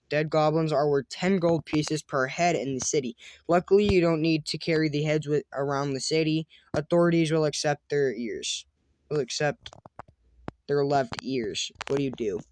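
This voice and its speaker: A man's voice: a little high, normal speed, darkish tone, a little hiss or hum. A man hosting a let's-play, reading a text adventure aloud with casual chatty commentary, often stumbling over words and restarting. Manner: stumbling reads, restarts and fillers.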